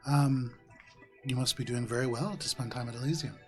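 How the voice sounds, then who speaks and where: A man voicing a composed, polite woman nurse who is tired after work, speaking softly and evenly. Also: medium pitch, a little fast, faint music behind, natural voice.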